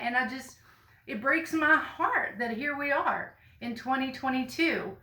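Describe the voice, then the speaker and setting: A woman tells a story straight to the camera, folksy and earnest, now and then breaking into loud emphasis. Her voice sits somewhat high and sounds bright and forceful. The room around her is echoey. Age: 50s. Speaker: vlogger. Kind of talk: casual personal storytelling to camera.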